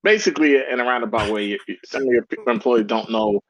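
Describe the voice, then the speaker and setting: A man chatting on a gaming podcast, telling a story with quoted lines in different tones. His voice sits at a middle pitch. The sound is dry and a little dull and lo-fi. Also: fast, breathy edge, no echo. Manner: animated storyteller acting out quotes. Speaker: podcast co-host. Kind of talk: casual chat.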